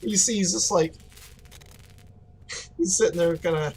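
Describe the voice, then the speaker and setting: A man's voice: sits high, unhurried, a little mellow, breathy edge, rough recording. A man giving casual, rambling let's-play commentary, joking, laughing and swearing now and then. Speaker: gaming commentator.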